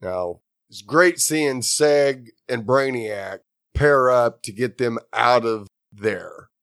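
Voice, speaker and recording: Male podcast co-host, steady recap voice, dry close recording. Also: mid-range voice, takes it slowly, no echo. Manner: steady plot summary with short agreeing replies. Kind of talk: casual chat.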